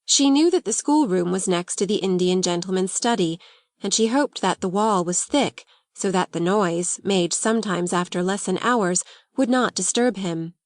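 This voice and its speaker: A woman reading a classic novel aloud as an audiobook narrator, in measured storytelling. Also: medium pitch, dry recording, clean studio sound. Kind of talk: scripted narration.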